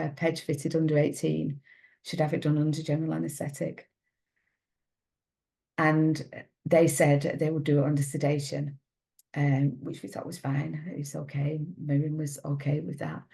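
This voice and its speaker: A middle-aged woman, a mother, giving an earnest, halting personal account in an interview. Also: low-pitched, creaky, warm tone. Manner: earnest, halting, with many restarts. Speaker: mother of a patient, interview guest.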